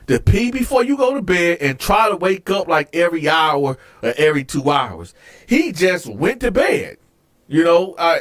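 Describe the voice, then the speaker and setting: High-pitched guy telling a wild story, animated and cussing, gets loud acting stuff out. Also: moderate pace. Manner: animated and profane, acts out scenes with loud outbursts. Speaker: host. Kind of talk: casual storytelling.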